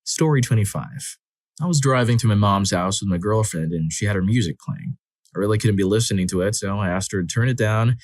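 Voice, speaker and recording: Low-voiced man narrating stories, dry sound. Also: fairly quick, no echo. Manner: expressive, dramatic reading with acted quotes. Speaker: story narrator. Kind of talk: scripted narration of reader stories.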